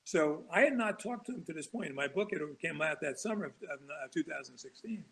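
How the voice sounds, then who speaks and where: A man talks as a guest on a talk show, spinning long anecdotes that wander, restart and break into chuckles. His voice is gravelly and husky, pitched a bit high for a man. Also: lively intonation, fairly quick, fairly bright tone, poor audio. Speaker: author guest. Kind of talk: casual storytelling interview.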